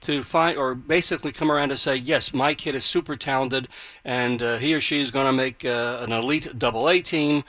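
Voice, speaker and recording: A man with a bright, forward voice hosts a radio interview and asks long, rambling questions full of restarts. The sound is close and dry. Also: medium pitch, fairly even intonation, a little fast, dry recording. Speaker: radio host.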